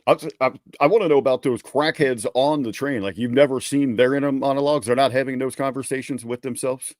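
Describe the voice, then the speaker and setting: A man's voice: medium pitch, fairly even intonation, brisk, a little mellow, no echo. A man with a mid-range voice asks easygoing, joking questions in casual podcast talk. The sound is dry and close to the mic. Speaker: podcast co-host. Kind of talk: casual chat.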